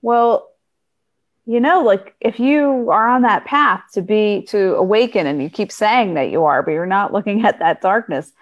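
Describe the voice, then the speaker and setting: A woman's voice: mid-range voice, expressive, moderate pace, lo-fi sound. A woman in casual conversation as a spiritual guide, speaking earnestly, often laughing and restarting her sentences.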